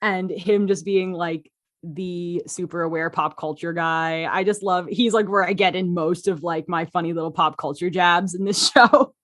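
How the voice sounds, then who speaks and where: A woman's voice: on the low side, normal speed. A woman talking as a podcast guest about the characters she writes and voices. She tells stories eagerly, laughs often and uses many fillers. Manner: excitable, animated storytelling. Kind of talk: casual interview chat.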